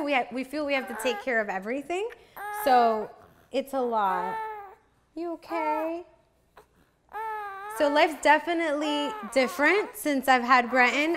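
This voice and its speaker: A woman's voice: on the high side, a bit bright. A woman vlogging casually from her home kitchen as a busy new mom, chatty and upbeat, with lots of "like" and "literally". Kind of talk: casual vlog chat.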